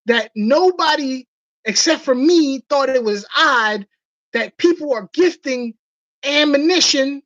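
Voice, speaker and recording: A woman hosting a casual livestream chat, telling stories with animated delivery and acting out the voices of people she quotes. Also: high voice, no room sound, dull audio. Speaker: livestream host.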